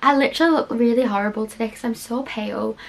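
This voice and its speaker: Young woman reacting to clips at home, a bit high voice, chatty and giggly, lots of "like". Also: fast, creaky. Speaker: YouTube reaction host. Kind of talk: casual reaction vlog chat. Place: home, cold room.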